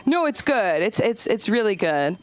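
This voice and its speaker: Woman, stand-up comic, comedy club stage, rambling storyteller, voice leaps high on quotes, middle pitch. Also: very animated, normal speed, dry recording. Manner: chatty, rambling, swoops high for acted-out quotes. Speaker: stand-up comic and open mic host.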